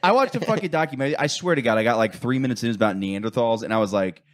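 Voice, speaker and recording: A man's voice: medium pitch, expressive, very fast. A young man co-hosting a casual podcast chat, swearing freely and telling school stories while mimicking the people in them. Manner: profane, storytelling, mimics people in quotes. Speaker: podcast co-host.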